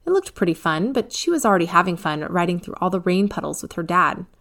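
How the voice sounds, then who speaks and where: A woman narrating a children's storybook in a clear, even reading voice. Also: on the low side, fast talker.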